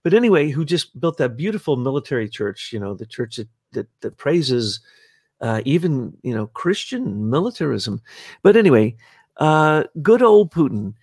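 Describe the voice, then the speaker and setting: A man hosting a podcast conversation in an animated, jokey way. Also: medium pitch, moderate pace, dry recording, clean studio sound.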